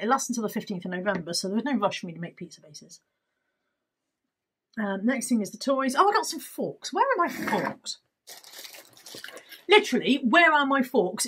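A chatty woman talking through her shopping haul at a table at home, rambling along and poking fun at herself. Her voice sits a little high and has a husky, breathy edge. It sounds as if it is picked up by a camera resting on the table in front of her. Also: fairly bright tone, low-quality recording. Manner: chatty, rambling, self-deprecating. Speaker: YouTuber showing a shopping haul. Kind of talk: casual haul vlog.

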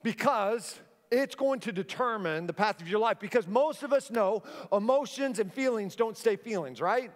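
A man preaching a sermon from a church stage, an animated storyteller who acts out the scenes he describes. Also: high voice, moderate pace, hardly any pauses. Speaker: pastor. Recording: long church hall reverb.

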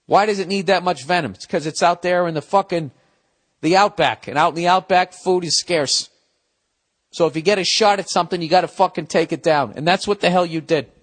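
Profane ranting man, pitched a touch high. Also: a little fast. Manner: profane, ranting, swings between shouting and muttering. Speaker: podcast host. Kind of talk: casual comedic podcast rant.

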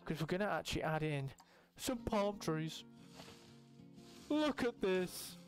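A young gaming YouTuber gives casual, rambling commentary on a building game, speaking slowly and pausing often. His fairly high voice jumps into excited exclamations when something pleases him, and he swears casually while addressing his viewers directly. Soft music plays quietly in the background.

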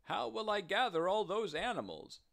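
A man voicing Noah as a kind, anxious old farmer, speaking high and urgently. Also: big pitch swings, moderate pace, vocal fry, a bit bright, full character voice. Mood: pleading.

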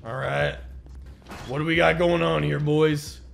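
A man commentating his gameplay, sarcastic and excitable, often shouting at the game. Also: fairly high pitch, a little slow, vocal fry, faint music behind. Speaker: gaming video host. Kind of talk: let's play commentary.

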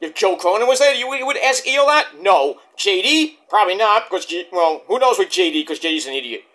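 A man's voice: sits high, expressive, fairly quick, bright, forceful tone. A man reviewing a wrestling show in a heated, profane, rambling rant.

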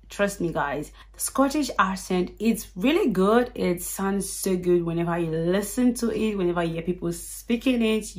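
A woman with a Nigerian accent, chatting straight to her viewers in an animated, casual vlog. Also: lowish voice. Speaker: YouTube vlogger. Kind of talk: casual direct-to-camera vlog.

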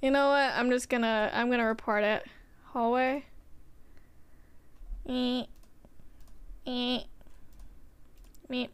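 Young woman rambling to chat while she plays, high smooth voice, really dry close mic. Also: fairly even intonation, slow pace, long pauses, no echo. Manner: rambling, chatty, swears often, talks to chat. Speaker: streamer. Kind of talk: casual gameplay chat with viewers.

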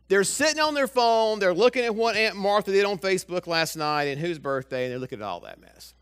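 A man's voice: high voice, fairly quick, hardly any pauses, clear, resonant tone. A male pastor preaches a sermon in church, talking straight to the congregation and asking it one question after another. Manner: lively, talks straight to the congregation with many rhetorical questions. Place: church sanctuary.

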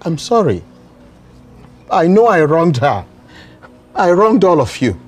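An actor with a Nigerian accent playing a remorseful father who pleads and apologizes in a halting way. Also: a little high, big pitch swings, exaggerated voice. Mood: pleading. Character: remorseful middle-aged father, pleading for forgiveness. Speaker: estranged father. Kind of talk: Nollywood film acting.

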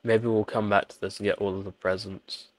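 A man's voice: fairly low pitch, little pitch movement, brisk, dry recording. A man doing jokey let's-play commentary, pleading with and teasing the characters on screen. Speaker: gaming channel host.

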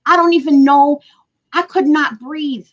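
A woman's voice: high-pitched, a little slow, dull audio. A mother speaking as a guest, telling her story in an earnest, emotional way during a casual chat.

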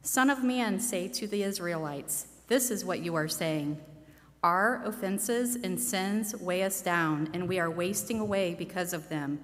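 A woman with a Midwestern American accent reading scripture aloud in a measured, deliberate way. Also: lowish voice. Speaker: scripture reader. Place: church sanctuary. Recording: church hall reverb.

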